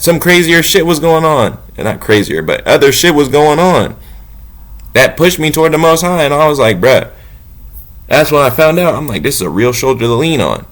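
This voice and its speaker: Blunt, profane man preaching self-belief. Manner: blunt and profane, swinging between low musing and loud preaching. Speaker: motivational talker. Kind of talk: unscripted spiritual monologue.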